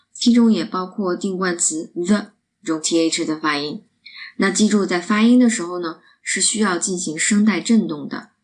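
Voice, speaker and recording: A woman teaching pronunciation, explaining each step clearly and demonstrating the sounds. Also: lowish voice.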